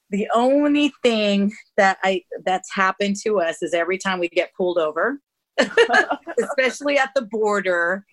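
Bright-voiced woman, rambling with fillers. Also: fairly low pitch, low-quality recording. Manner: rambling, hesitant with many fillers. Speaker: touring band member. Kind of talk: casual chat.

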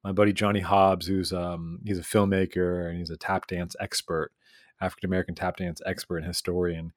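A man chats as a podcast guest in a low voice. He is animated and emphatic and restarts phrases in quick bursts. The sound is dry and close. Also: no room sound. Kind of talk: casual chat.

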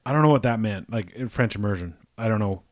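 A man's voice: lowish voice, animated, fast talker, dry recording, studio quality. Rambling, swearing man. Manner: swears freely, rambling with restarts. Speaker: podcast co-host. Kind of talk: casual crude banter.

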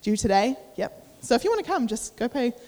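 Very animated and brisk, this youth preacher's higher, slightly mellow voice fills an echoey church hall. The young woman's casual sermon is chatty and filler-heavy, with inner voices acted out, and she's slightly breathless.

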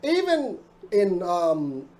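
A man's voice: high voice, huge pitch swings, very slow, a little mellow. A man in his thirties hosting a podcast in casual chat, rambling and jokey, often stopping to restart his sentences. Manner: rambling, jokey, self-interrupting. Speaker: podcast host.

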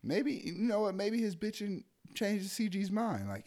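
A man's voice: high voice, normal speed. Blunt, cursing young army man. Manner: blunt, profane, animated venting. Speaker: army sergeant. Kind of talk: casual chat.

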